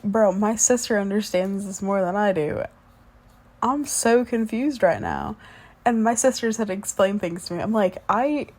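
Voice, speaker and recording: A woman's voice: medium pitch, darkish tone. A woman in her twenties doing a whispered role-play as the listener's sleepy, chatty fiancée, rambling between yawns.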